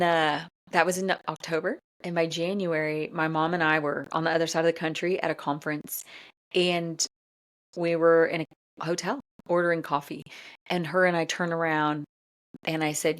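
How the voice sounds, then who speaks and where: Woman podcaster with a low voice, chatty storytelling, says y'all a lot. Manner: animated retelling with quoted dialogue; casual, uses "y'all" and fillers. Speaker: podcast host. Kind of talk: personal storytelling.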